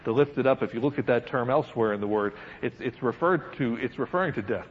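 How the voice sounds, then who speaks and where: A man preaching verse by verse through a Bible passage, reading scripture aloud and then commenting with lively asides and chuckles. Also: mid-range voice, fast talker, breathy edge. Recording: dull lo-fi sound with faint background noise.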